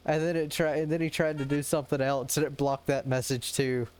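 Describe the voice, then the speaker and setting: A man's voice: on the high side, steady tone, fairly quick, darkish tone, smooth. A man streaming a game live, chatting casually, joking and laughing often, stumbling and restarting his sentences.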